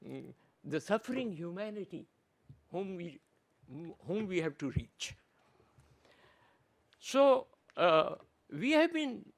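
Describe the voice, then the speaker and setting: A man gives an earnest conference presentation at an unhurried pace. His voice sits high and swings widely in pitch. He stops and restarts his phrases often. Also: fairly bright tone. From Pakistan. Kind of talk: conference talk.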